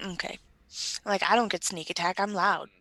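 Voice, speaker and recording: A woman's voice: medium pitch, steady tone, moderate pace, pushed and bright, no room sound. A woman playing in a tabletop game over voice chat, teasing the others with playful banter. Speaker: player. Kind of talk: casual tabletop play.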